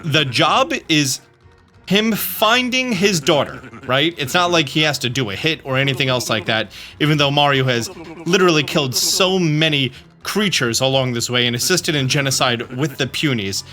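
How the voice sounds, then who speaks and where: A man's voice: mid-range voice, animated, normal speed, sharp tone, faint music behind. A young man giving joking, rambling gameplay commentary as a let's play host.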